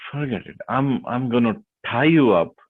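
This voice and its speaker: A man's voice: medium pitch, expressive, moderate pace, pitched above the performer's own voice. A man voicing a stern scolding mother. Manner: stern, threatening, exasperated. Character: angry scolding mother of a small boy. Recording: tinny phone-like lo-fi line.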